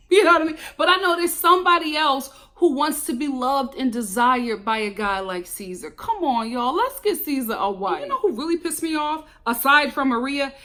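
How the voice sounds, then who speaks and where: A woman giving a casual, animated commentary review of a reality show, chatting straight to her viewers. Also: high voice. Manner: animated, chatty, exclamatory, addresses viewers as y'all.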